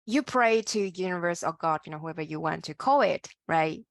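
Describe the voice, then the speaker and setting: A woman's voice: on the low side, expressive, moderate pace, few pauses, dry recording, clean studio sound. A woman interviewer responding with emphatic, laughing reactions.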